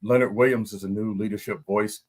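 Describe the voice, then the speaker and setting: Animated former lineman telling stories. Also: lowish voice, fairly quick. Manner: animated storytelling, laughs often. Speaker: guest analyst, former NFL lineman. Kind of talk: casual podcast chat.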